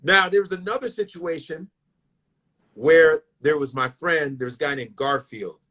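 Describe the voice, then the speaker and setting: A middle-aged man, a stand-up comedian, telling stories in a profane, animated way, often restarting his sentences. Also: on the high side, moderate pace. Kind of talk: casual storytelling.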